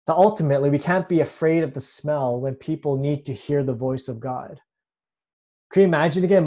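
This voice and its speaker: A man's voice: on the high side, mellow. A man preaching a sermon in an earnest way, often restarting with repeated words. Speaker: pastor.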